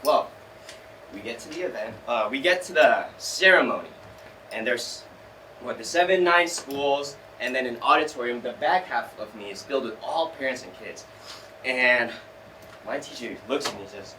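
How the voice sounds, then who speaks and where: A young man from California telling a story live on stage, animated and self-mocking, acting out the people he quotes. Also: mid-range voice, moderate pace, a little hiss or hum. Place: small theater stage. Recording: roomy theater sound from a distance.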